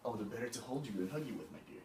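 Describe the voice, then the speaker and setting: A man's voice: medium pitch, animated, very fast, close to an everyday voice. Man playing a sly coaxing wolf. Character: sly hungry wolf faking kindness. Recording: echoey room, mic far off, faint hiss.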